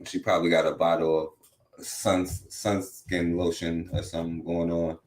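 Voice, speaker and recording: A man's voice: low-pitched, level tone, moderate pace, a little mellow, reverberant. A man hosting a talk radio show, commenting on a played clip in a rambling, mocking way with lots of filler phrases. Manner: mocking and profane.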